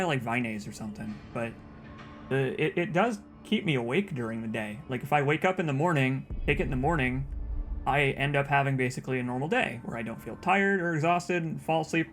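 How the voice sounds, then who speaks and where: A man's voice: mid-range voice, fairly bright tone. A young man giving casual let's play commentary, rambling and stumbling over repeated words as he talks.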